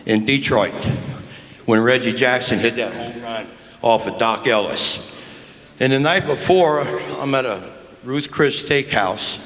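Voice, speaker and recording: A man's voice: medium pitch, a bit bright. A man in his seventies telling folksy, crude after-dinner stories into a handheld mic in a large banquet hall, acting out the people he quotes. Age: 70s. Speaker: guest speaker. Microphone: handheld microphone. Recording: echoey banquet hall with faint noise.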